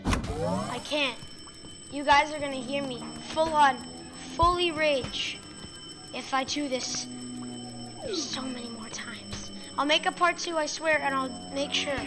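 A woman's voice: sits high, unhurried, long pauses. A woman commenting on her own gameplay for viewers, exasperated and frustrated by the game. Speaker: gaming video creator. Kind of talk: let's play commentary. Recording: loud game music behind.

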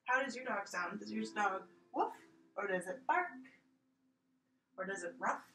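A young woman teaching a gentle, playful yoga class to preschool children, coaxing them along as she guides each pose. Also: fairly high pitch, slight background noise. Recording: echoey room with faint music.

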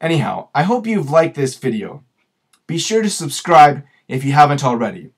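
A man hosting a tutorial video, explaining patiently through examples and slowing down to stress key words. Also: on the high side, big pitch swings, breathy edge. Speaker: grammar and communications video host.

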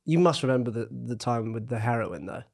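A young man hosting a podcast who stumbles and restarts as he tells awkward stories about himself. His voice sits in a middle pitch, and his tone is casual and self-mocking. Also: lively intonation, brisk, creaky, darkish tone. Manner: hesitant, stammering, self-deprecating storyteller. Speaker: podcast host. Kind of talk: casual chat.

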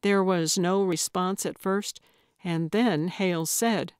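Brief: unhurried woman narrator for a cozy mystery read, dry close sound. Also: fairly low pitch, clean tone, no room sound. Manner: even, measured storytelling. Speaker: audiobook narrator. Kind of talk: scripted narration.

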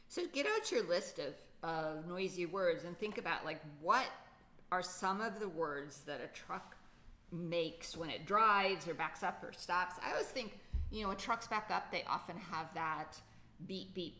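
Slow, low-voiced woman teaching poetry. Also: sharp tone, slight background noise. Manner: patient, thinking aloud with fillers. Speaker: writing teacher. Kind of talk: children's poetry lesson.

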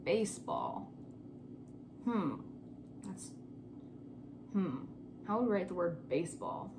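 Young female teacher, unhurried and patient, spells words aloud for kids, noisy home recording. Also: on the low side, very animated. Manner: slow, patient, repeats words and spells them letter by letter. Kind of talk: remote spelling lesson for young children.

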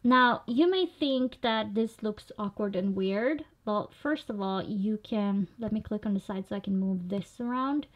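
A woman's voice: mid-range voice, measured pace, hardly any pauses. A young woman vlogger talking casually through a screen tutorial, explaining each click as she goes. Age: young adult. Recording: slightly dull lo-fi audio.

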